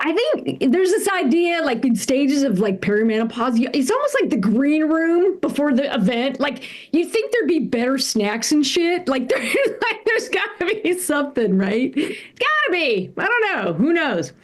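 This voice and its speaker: A woman's voice: high voice, sing-song, normal speed, hardly any pauses. A middle-aged woman from California doing a stand-up comedy set, chatting with the crowd and laughing at her own jokes.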